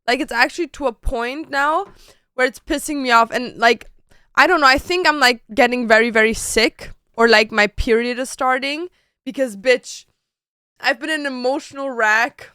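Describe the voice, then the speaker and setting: A chatty woman streamer talks casually to her viewers from her bedroom. Her voice is bright, crisp and a little high. The sound is close and dry, with little room in it. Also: normal speed, dry recording. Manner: chatty, slangy and expressive, with frequent "like". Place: home bedroom.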